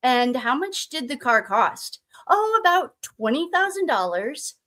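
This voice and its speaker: A woman's voice: sits high, sing-song, measured pace, a bit bright, full character voice. A woman reading the part of a flustered middle-aged mother on the witness stand, breezy and evasive. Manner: breezy, evasive, eager to agree.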